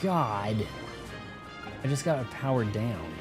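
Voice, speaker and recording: A man's voice: mid-range voice, lively intonation, slow. A man streaming live gameplay, rambling and cracking jokes as he plays, with game music behind him. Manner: rambling, joking asides while playing.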